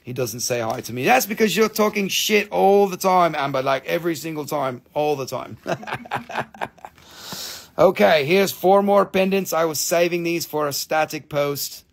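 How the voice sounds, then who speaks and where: Speaking at a moderate pace in a creaky, slightly high voice, a man runs a laid-back live crystal sale. He swears without restraint, reads viewers' comments, and halts to count and name pieces as he displays them.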